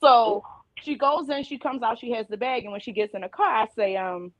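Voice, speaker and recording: Woman panelist, casual and animated storyteller, slightly high voice, close dry mic. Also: a little fast, no room sound, dull audio. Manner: animated storyteller who acts out quoted dialogue. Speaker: panelist and mother.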